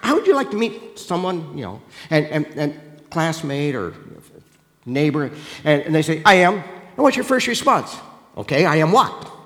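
At a moderate pace and fairly high pitch, a man gives a sermon in a large hall. He talks straight to the congregation with animation, quizzing them directly and repeatedly beginning his sentences again.

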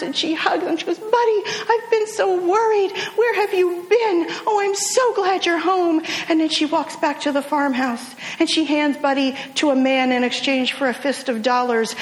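Brief: woman preacher, humorous storytelling, slightly high voice, reverberant hall. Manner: animated, humorous storytelling with acted quotes. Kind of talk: storytelling sermon.

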